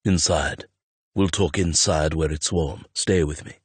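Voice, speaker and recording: A man voicing a calm older man who speaks in a low, reassuring rumble. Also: measured pace, breathy edge, no echo, heavily acted.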